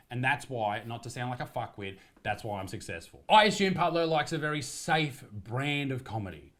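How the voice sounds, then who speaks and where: A man's voice: medium pitch, fairly bright tone. An Australian man, a comedian, delivering a profane, combative rant in a commentary video.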